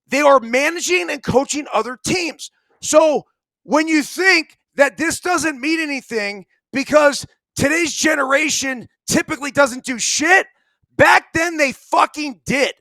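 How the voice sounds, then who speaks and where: A man's voice: very high-pitched, gravelly, bright, forceful tone, no echo, poor audio. A middle-aged man and former ballplayer co-hosting a sports talk show, ranting emphatically and swearing a lot. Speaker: podcast co-host, former ballplayer.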